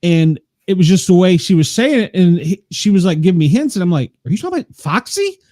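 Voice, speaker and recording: High-voiced, mellow older male host. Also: brisk, no echo, studio quality. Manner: rambling storyteller, laughs often. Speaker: podcast host. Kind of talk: casual chat.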